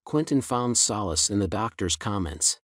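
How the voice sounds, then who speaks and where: A man's voice: fairly low pitch, lively intonation, normal speed, dry recording. Man reading a story in a dry room. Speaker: narrator. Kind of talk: scripted story narration.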